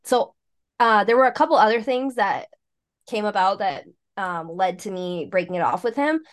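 A woman's voice: medium pitch, lively intonation, moderate pace. A young woman co-hosting a podcast, chatting casually and bluntly, laughing often. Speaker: podcast co-host. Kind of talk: casual chat.

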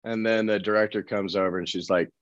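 A man from Colorado, an actor guest on an interview podcast, telling lively anecdotes and acting out the people in them. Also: lowish voice, fast talker, no echo. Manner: animated storyteller who acts out quoted people. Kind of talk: casual interview storytelling. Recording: slightly dull, dry recording.

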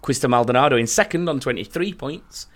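A man's voice: mid-range voice, expressive, fairly quick, fairly bright tone. A man hosting a quiz podcast, reading out questions and scores and often breaking into laughter. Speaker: quizmaster.

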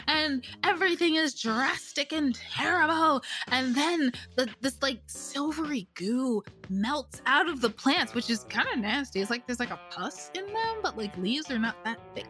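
A woman's voice: a little high, moderate pace, bright, forceful tone, faint music behind. A woman casually narrating a role-playing scene, sarcastic, profane and rambling. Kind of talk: casual comedic game narration.

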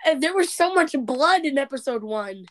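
Excitable young woman chatting. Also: sits high, normal speed, a crowd in the background. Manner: excitable, jumps between topics. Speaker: podcast co-host. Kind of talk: casual chat.

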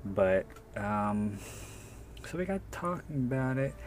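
Slow-talking, candid male author. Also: medium pitch, sing-song, a little hiss or hum. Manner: candid, self-deprecating, swears freely. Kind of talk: casual anecdotal storytelling.

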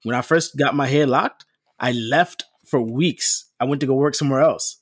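A man's voice: medium pitch, normal speed, husky, dry recording, studio quality. Insistent man defending himself. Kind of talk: casual group chat.

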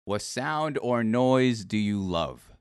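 A man hosting an online interview show, asking set questions and bursting into excited praise. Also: mid-range voice, takes it slowly, clear, resonant tone, dry recording, studio quality. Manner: animated, breaks into excited laughing praise. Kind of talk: casual online interview over voice chat.

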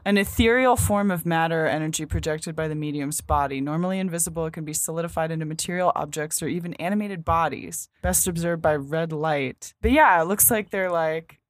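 A woman's voice: sits low, brisk, hardly any pauses, dry recording. A woman co-hosting a casual podcast, blunt and wry, who swears freely. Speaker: podcast co-host.

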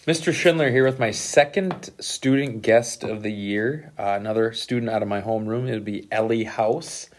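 A man who is a teacher hosting a casual interview, relaxed and encouraging, with lots of "you know" and "right". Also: lowish voice, normal speed, few pauses. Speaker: teacher and podcast host.

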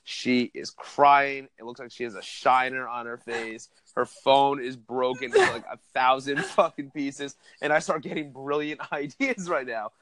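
A man's voice: medium pitch, fairly even intonation, moderate pace, hardly any pauses, fairly bright tone, slight background noise. A man telling a profane story on a comedy podcast, laughing through it.

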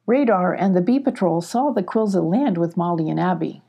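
A woman calmly reading a children's storybook aloud. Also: lowish voice, gravelly, slightly rough. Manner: slow, calm, even. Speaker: audiobook reader. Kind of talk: storybook narration.

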